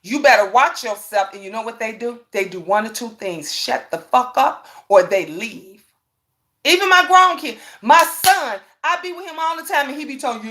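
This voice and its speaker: A woman's voice: fairly high pitch, animated, normal speed, sharp tone. A middle-aged mother, ranting to her viewers in a repetitive, preachy way and raising her voice to hammer points home. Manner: repetitive, preachy, raises voice for emphasis. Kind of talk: emphatic casual rant.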